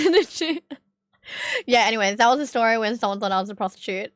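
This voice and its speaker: A woman's voice: a little high, a little fast, long pauses, a bit bright, no echo, studio quality. A young woman with an Australian accent telling a story to her stream in a casual, rambling way, with many fillers and bursts of laughter. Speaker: livestreamer.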